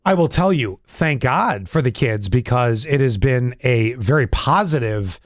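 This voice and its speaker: A man's voice: expressive, a little slow, no echo, clean studio sound. A middle-aged man co-hosting a podcast in casual chat, rambling and candid, full of restarts. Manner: candid, rambling storyteller with restarts and sudden pitch jumps. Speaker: podcast co-host.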